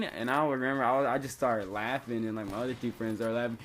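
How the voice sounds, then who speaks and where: A man's voice: mid-range voice, fast, a little hiss or hum. Laid-back young man telling a story. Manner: rambling, laid-back, full of "like". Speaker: vlogger. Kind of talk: casual storytime vlog.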